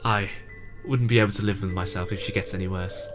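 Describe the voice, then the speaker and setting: A man's voice: sits low, steady tone, a little fast, over music, natural voice. A man voicing a proud, remorseful teenage girl club president, emotional and tearful, in a fan reading of a game. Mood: confessional. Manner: emotional, breaking into tears.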